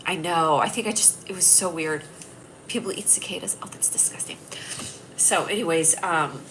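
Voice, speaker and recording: A woman's voice: fairly low pitch, background noise. A woman hosting a casual livestream, rambling and teasing her viewers, with a stuffy nasal voice. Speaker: livestream host.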